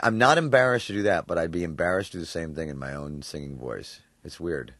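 A man from New York with an extremely low voice talks about his acting work, animated and quick to laugh. He circles his thoughts with plenty of fillers and restarts. The sound is close and dry, as in a studio. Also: no room sound. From New York, USA. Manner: animated, laughs often, thinks aloud with fillers. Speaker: voice actor guest. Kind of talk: interview answers.

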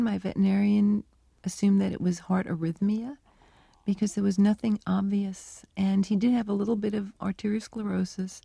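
A middle-aged woman with a gravelly, mellow voice, speaking as an interview guest. She tells her stories thoughtfully and slips into the remembered lines of dialogue. The recording is dry and close, made at a studio microphone. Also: mid-range voice, dry recording. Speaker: animal researcher, interview guest. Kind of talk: radio interview, storytelling answers.

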